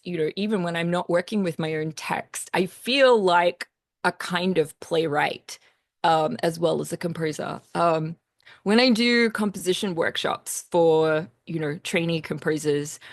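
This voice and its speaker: Woman, Australian accent, forties, lower voice, dry sound, chatty, laughs often. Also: no room sound. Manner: animated storytelling with frequent laughs and fillers. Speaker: composer giving a talk. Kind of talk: casual talk to a choir.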